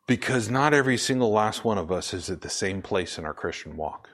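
Emphatic lower-voiced male preacher. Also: animated, a bit bright. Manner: emphatic, slows down to stress points, asks and answers questions. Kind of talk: sermon.

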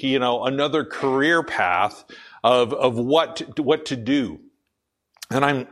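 A middle-aged pastor with a deep, full, radio-style voice of fairly bright tone delivers a conversational sermon, full of fillers and restarts.

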